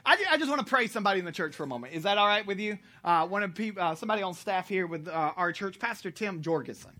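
A pastor from the United States preaching a sermon, animated, joking with the congregation and correcting himself as he goes. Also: high-pitched, quick pace.

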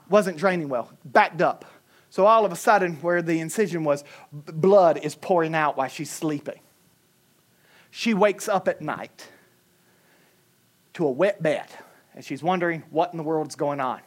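Man, pastor, sermon, high voice, dramatic, shouts to hushes, colloquial storytelling. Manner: preaching with big swings from shouts to hushed tones.

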